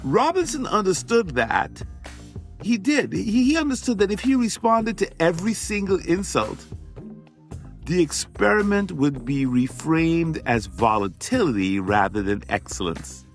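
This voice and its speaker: A man's voice: on the high side, big pitch swings, unhurried, soft background music. A man hosting a motivational podcast, talking emphatically and conversationally and repeating phrases for effect. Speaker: podcast host and physician.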